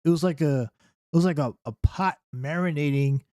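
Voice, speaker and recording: A man talks through political history in an unscripted reaction commentary. He is emphatic and keeps turning to the listener with "right?". His voice sits a little high, and the sound is dry and close to the mic. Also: normal speed, dark tone, dry recording.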